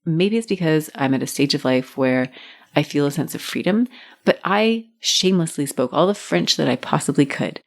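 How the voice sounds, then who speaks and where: A middle-aged woman hosting her own podcast, giving warm, encouraging advice. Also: deep voice, expressive, normal speed. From Canada. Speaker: podcast host. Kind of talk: solo podcast talk.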